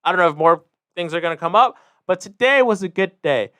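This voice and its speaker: Fast-talking young man ranting. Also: high-pitched, clear, resonant tone, no room sound. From Mexico. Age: 20s. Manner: fast, rambling and animated, with frequent asides. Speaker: podcast host. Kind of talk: casual solo rant.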